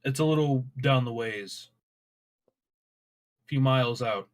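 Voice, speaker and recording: A man playing his character in a tabletop game, speaking calmly and tersely with quiet menace. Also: mid-range voice, takes it slowly. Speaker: player. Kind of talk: in-character tabletop role-play.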